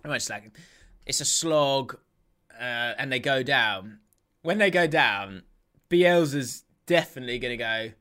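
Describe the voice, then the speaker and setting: A man co-hosting a football podcast, telling stories in animated, laughing banter. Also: mid-range voice, a little slow. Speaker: podcast co-host. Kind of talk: casual chat.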